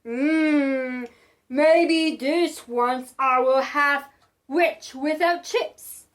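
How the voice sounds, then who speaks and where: A woman voicing a mean, hungry male dragon in a storybook reading, slow, lowered and menacing.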